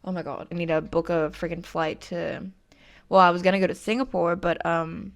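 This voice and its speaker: A woman's voice: fairly low pitch, fairly even intonation, fairly quick, gravelly. Chatty young woman with a lisp. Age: 20s. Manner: chatty, frequent "like" fillers, self-deprecating. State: missing a tooth. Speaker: vlogger. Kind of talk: casual storytelling vlog.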